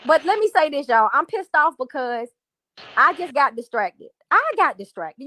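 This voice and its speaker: A woman's voice: high-pitched, very animated, normal speed, pushed and bright, no echo, studio quality. A woman hosting a livestream, venting angrily to her viewers in a profane, repetitive rant. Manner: angry, profane, repetitive, addresses chat as y'all. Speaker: livestream host.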